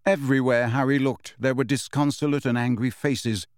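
Male narrator, measured storytelling, studio mic, dry. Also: medium pitch, fairly even intonation, clean tone, no room sound. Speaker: audiobook narrator. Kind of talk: scripted narration.

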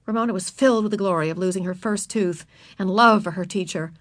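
A woman narrating a children's storybook in an expressive, animated reading. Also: mid-range voice, fast talker, no room sound, studio quality.

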